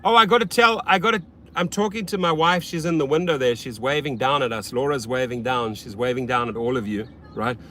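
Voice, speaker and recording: A man hosting a casual livestream as a rideshare driver, blunt and often profane, swinging between loud hype and low muttering. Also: fairly even intonation, fairly quick, slight background noise.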